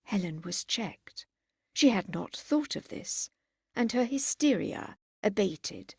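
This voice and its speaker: Slow, gravelly woman narrator. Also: medium pitch, dry recording, clean studio sound. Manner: measured, expressive. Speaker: audiobook narrator. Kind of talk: scripted narration.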